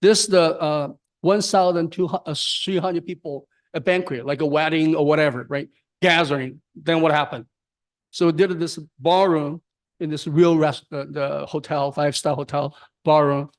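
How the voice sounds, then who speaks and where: A man giving an academic lecture on his research, speaking haltingly with restarts and frequent tag questions. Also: a little high, steady tone. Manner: halting, repeats words, frequent "right?". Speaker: guest lecturer.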